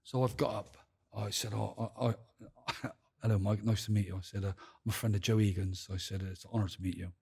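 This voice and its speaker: A man's voice: lowish voice, fairly even intonation, a little fast, creaky, darkish tone, breathy edge. A man with a Bristol accent, a podcast guest telling stories in casual, heavily sworn talk, acting out the dialogue. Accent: Bristol English. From England. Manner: swears heavily, acts out dialogue, laughs while telling stories. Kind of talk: casual storytelling.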